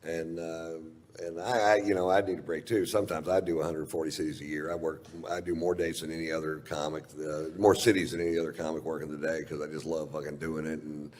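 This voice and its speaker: A man's voice: a bass voice, level tone, quick pace, darkish tone, in a large hall. A male stand-up comedian telling a long story, rambling and profane, often chuckling at his own lines.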